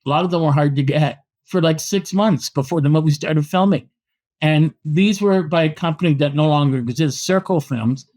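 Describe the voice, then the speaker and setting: A man from Canada in middle age spins long anecdotes for an interviewer, stumbling over restarts as he goes. His voice sits somewhat high for a man, and he performs the quoted lines in his stories with real animation. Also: normal speed, darkish tone. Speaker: boxing historian and author. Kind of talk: storytelling in a podcast interview.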